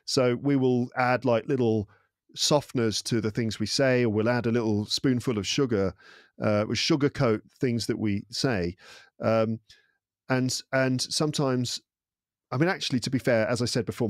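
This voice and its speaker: English guy guesting on a podcast, thoughtful and lively, mid pitch, dead dry sound. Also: moderate pace, no room sound. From England. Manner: thoughtful, animated storyteller. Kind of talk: casual interview chat.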